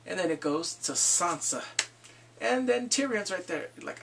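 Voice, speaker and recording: A man reviews a TV episode in a loose vlog recap, his voice sitting a bit high with a gravelly edge. He gets worked up, swears often, and slips into quick impressions of the characters. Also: a little hiss or hum. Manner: excitable, profane, acts out quoted lines.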